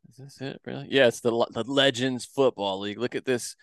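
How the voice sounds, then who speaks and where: Man, mid pitch, smooth voice, easy laugh, dry close sound. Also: fairly quick, no echo. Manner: laughs easily. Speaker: podcast co-host. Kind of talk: casual chat, reading from web.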